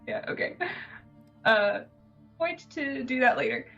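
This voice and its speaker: A woman's voice: sits high, lively intonation, takes it slowly, creaky, fairly bright tone, lo-fi sound, soft background music. A woman playing in a tabletop game, speaking hesitantly with many fillers. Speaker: player.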